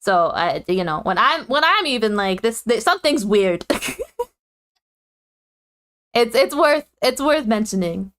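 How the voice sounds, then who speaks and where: A woman's voice: on the high side, expressive, unhurried, pauses often, a bit bright. A woman chatting casually on a live stream, giggling often and rambling with lots of fillers and self-corrections.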